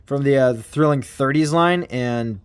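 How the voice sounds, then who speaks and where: A man's voice: medium pitch, normal speed, clean tone. A man giving a casual toy review, rambling and self-deprecating, with casual swearing.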